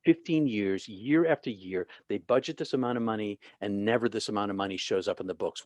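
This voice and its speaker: A middle-aged man telling a long personal story in an interview, animated, with many restarts and acted-out quotes. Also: lowish voice, fairly quick, hardly any pauses, no echo. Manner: animated, restarts often, acts out quoted people. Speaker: guest, author and former minister.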